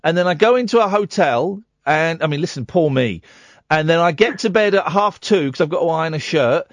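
A man hosting a late-night radio phone-in, animated, jokey and teasing. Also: a little high, fairly quick, dry recording. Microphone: studio microphone.

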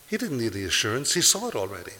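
Guy preaching a sermon, bright punchy voice, builds up big on the scripture bits, echoey hall, bit of hiss. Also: mid-range voice, sing-song, fast. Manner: emphatic, rising to forceful peaks when quoting scripture. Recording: hissy recording in a large reverberant hall.

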